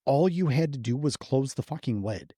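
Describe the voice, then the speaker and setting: A man's voice: medium pitch, expressive, warm tone, breathy edge, no echo. Man, forties, podcast co-host, swears a lot, heated rants, dry close mic. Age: 40s. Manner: profane, heated ranting, quick to laugh. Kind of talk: casual podcast chat.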